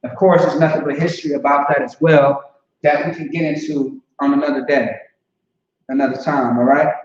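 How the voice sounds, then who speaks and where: A man gives a casual, chatty language lesson and keeps asking if his listeners follow. His voice sits a bit high for a man. He is set back from the mic in a very echoey room, and the recording sounds dull and lo-fi. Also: flat delivery, moderate pace, distant mic. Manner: conversational, repeats "see what I'm saying". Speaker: language teacher.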